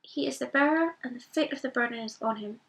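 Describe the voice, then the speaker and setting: A woman voicing Aragorn, a grave, commanding male ranger, speaking in a measured way. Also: high-pitched, gravelly, distant mic, rough recording.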